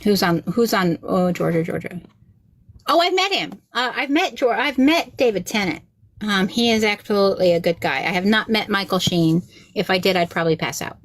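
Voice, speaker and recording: A woman chatting casually on a podcast, an animated storyteller who acts out the voices she quotes and swears freely. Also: mid-range voice, moderate pace. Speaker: rabbi and podcast guest.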